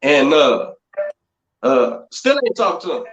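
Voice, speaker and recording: A man's voice: on the high side, very animated, takes it slowly, a bit bright. A man who works as a strength and conditioning coach, talking in casual podcast chat and telling blunt, profane stories about the gym. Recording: echoey, dull remote call audio.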